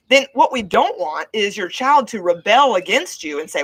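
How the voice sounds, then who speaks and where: A middle-aged woman hosting a casual motivational talk, her voice fairly high and bright. She swings her pitch widely and acts out the voices of worried parents as she goes. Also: a little fast, hardly any pauses, husky, rough recording. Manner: expressive, acts out quoted parents. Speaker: host.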